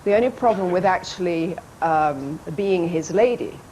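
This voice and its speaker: A woman with a fairly low voice tells amused anecdotes as a guest on a television chat show, slipping into playful voices when she quotes people. The archive broadcast sound carries a faint steady background noise. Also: moderate pace, rough recording. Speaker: actress and guest. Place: TV studio.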